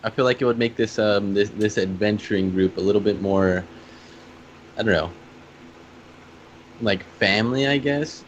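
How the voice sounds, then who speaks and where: Hesitant low-voiced man playing a tabletop game. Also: normal speed, pauses often, a little hiss or hum. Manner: hesitant, many ums and restarts. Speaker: player. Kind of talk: tabletop game role-play.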